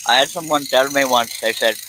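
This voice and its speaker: A man's voice: medium pitch, fairly quick, sharp tone, slight background noise, poor audio. A man hosting a live stream, rambling and self-mocking as he jokes with his twin brother. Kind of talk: joking banter on a live stream.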